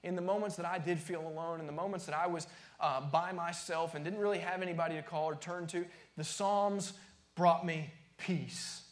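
High-voiced preacher in an echoey sanctuary. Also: male voice, steady tone, fairly quick. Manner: emphatic preaching, repeats phrases, drops to near-whispers. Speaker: pastor. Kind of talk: sermon.

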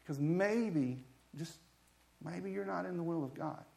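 A man preaching a sermon in a conversational way, moving from quiet asides to loud, pleading passages, often repeating words as he builds up. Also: fairly high pitch, a little slow, gravelly. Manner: swings from soft asides to loud impassioned pleading. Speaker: pastor.

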